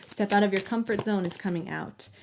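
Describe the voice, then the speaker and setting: A woman giving a collective tarot reading, talking softly and affectionately to the viewer and sometimes dropping to a whisper. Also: medium pitch, brisk, gravelly, a little hiss or hum. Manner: soft, affectionate, talks directly to the viewer. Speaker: tarot reader.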